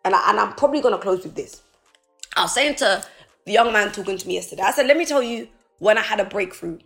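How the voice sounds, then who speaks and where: A woman's voice: mid-range voice, animated, quick pace, creaky, a bit bright, soft background music. A woman giving a passionate, preachy motivational talk on a live stream, pleading with her listeners. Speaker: motivational speaker. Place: indoors, streaming.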